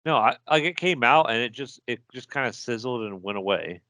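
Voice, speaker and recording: A man's voice: mid-range voice, animated, fairly quick, pushed and bright, dry recording. A man co-hosting a podcast, chatting casually and arguing as a movie fan. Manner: enthusiastic, argumentative fan talk. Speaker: podcast co-host. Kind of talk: casual chat.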